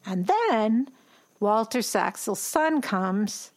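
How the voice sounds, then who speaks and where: A woman in casual chat, retelling a film's plot in an animated way and acting out the characters' lines as she goes. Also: mid-range voice, very slow.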